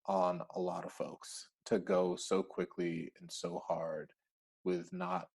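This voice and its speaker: A man's voice: low-pitched, little pitch movement, slow pace, vocal fry, darkish tone, husky. A man, a company founder, speaking as a podcast guest in a reflective, hesitant way with many fillers. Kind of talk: casual interview.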